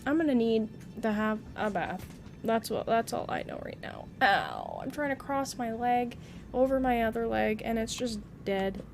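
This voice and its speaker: A woman's voice: a little high, wildly swooping pitch, moderate pace, gravelly, soft background music. A young woman streaming a game, chatting playfully with her viewers and teasing the character on screen. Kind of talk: live gameplay commentary.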